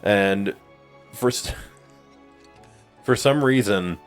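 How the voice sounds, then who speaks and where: A man talks his way through a story, full of "like" and "you know", laughing at his own punchlines. His voice sits a little low. Faint game music plays behind him. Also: drawn-out words. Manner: rambling, filler-heavy, laughing at own stories. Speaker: gameplay co-host. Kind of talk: casual storytelling chat over gameplay.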